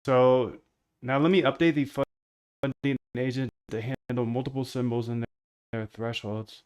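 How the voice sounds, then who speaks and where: A man's voice: medium pitch, steady tone, normal speed, clean tone. A young man streaming himself as he codes a trading bot, rambling and muttering to himself in casual talk. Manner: rambling, mutters to himself, says dude a lot. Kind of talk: casual live-stream talk while coding.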